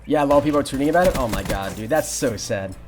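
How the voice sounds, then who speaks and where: A young man commentating his live game stream, greeting viewers and answering chat in an excitable, casual way. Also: medium pitch, fast. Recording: music playing behind.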